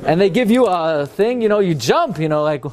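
A man giving a lively religious lecture, posing rhetorical questions and growing animated as he builds his points. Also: moderate pace, slight background noise. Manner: animated, rhetorical questions, rises in pitch when excited. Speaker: Torah teacher.

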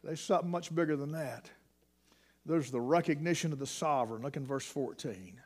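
A man preaching a sermon, swinging between hushed near-whispers and shouted emphasis. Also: fairly high pitch, fairly quick.

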